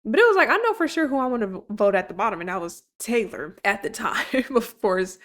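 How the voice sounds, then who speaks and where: Young woman, casual vlog commentary, animated and chatty, quick to laugh and curse. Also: medium pitch. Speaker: YouTuber recapping a reality show.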